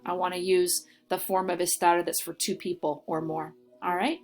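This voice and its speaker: A woman teacher giving a recorded lesson, explaining step by step and checking in with "okay?". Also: medium pitch. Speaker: Spanish teacher.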